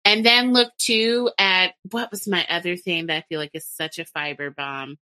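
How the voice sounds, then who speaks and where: Bright-voiced woman giving practical tips. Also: lowish voice, steady tone, moderate pace. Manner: chatty, practical, advising. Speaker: podcast co-host giving nutrition tips. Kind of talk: casual advice chat.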